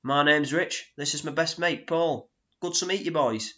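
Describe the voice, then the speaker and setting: A man playing a crude, confrontational pub lout who shouts and swears, on a dull lo-fi recording. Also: on the high side, moderate pace, pitched above the performer's own voice. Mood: matey.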